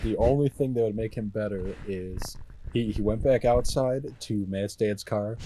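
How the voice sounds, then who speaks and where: A man's voice: on the low side, moderate pace, dark tone, slight background noise. A young man co-hosting a podcast, recounting a story in casual slangy chat, piling on vivid details. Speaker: podcast co-host.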